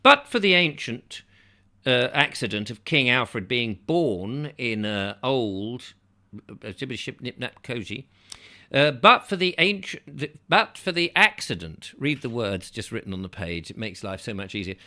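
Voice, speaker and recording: A man's voice: mid-range voice, a little slow. A man reading an old travel book aloud, breaking off now and then for casual, joking asides. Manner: lively reading broken by chatty, joking asides. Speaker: audiobook reader. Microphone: close microphone, near overload.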